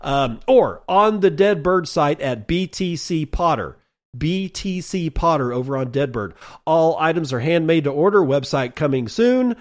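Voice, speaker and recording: A man's voice: a little high, expressive, a little slow. A man hosting a solo podcast, reading out numbers and listener messages and ranting casually and bluntly, with some swearing. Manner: reads listener messages and figures aloud. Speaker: podcast host.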